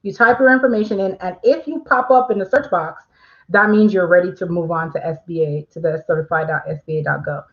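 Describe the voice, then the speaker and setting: A woman's voice: on the low side, brisk, dull audio. A woman hosting a casual livestream, chatting with viewers and reading their questions aloud, with frequent fillers. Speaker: livestream host.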